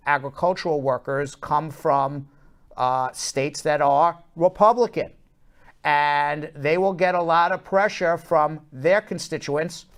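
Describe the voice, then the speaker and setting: A man hosting a talk show, giving casual political commentary in animated, fast bursts with lots of fillers. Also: a little high.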